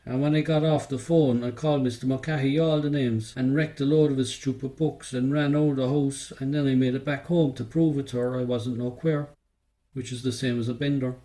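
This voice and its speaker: A man's voice: mid-range voice, steady tone, a little fast, warm tone, poor audio. A man with a Cork Irish accent reading a first-person novel aloud, telling it in the loose, slangy voice of a young narrator. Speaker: audiobook reader.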